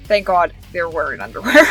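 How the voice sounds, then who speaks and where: A woman's voice: lowish voice, very animated, moderate pace, a bit bright, breathy edge, faint music behind. A woman recapping cartoon episodes in a casual, rambling way, chaining events with "and then" and "like", with giggly asides. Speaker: show reviewer.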